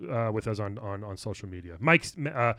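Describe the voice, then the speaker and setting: A man's voice: fairly low pitch, fairly quick, bright, forceful tone, dry recording. A man co-hosting a comedy podcast, loose and rambling, tripping over restarts as he jokes. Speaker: podcast co-host. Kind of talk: casual comedy podcast banter.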